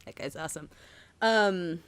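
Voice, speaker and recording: Female co-host from Massachusetts, lower register, animated casual chat with lots of laughs and "like". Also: measured pace, clean tone, no echo. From Massachusetts, USA. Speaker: podcast co-host.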